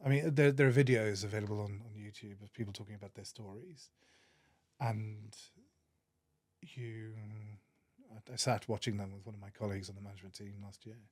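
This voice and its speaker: Welsh man, low voice, dry close sound, earnest storyteller, podcast guest. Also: brisk, no echo. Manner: earnest, animated storyteller with frequent restarts. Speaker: podcast guest, managing director. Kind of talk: casual interview storytelling.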